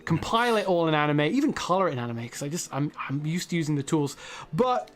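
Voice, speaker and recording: A man hosting a live stream, talking casually in a rambling, self-deprecating way with quick jokes. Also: fairly high pitch, animated, faint music behind. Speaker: host.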